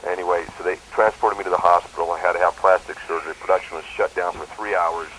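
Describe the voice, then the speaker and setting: A man's voice: sits low, steady tone, fast talker, a bit bright, a little hiss or hum, low-quality recording. A man who works as a stuntman, telling a story in a casual phone interview and jumping into quoted voices. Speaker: stuntman and performer.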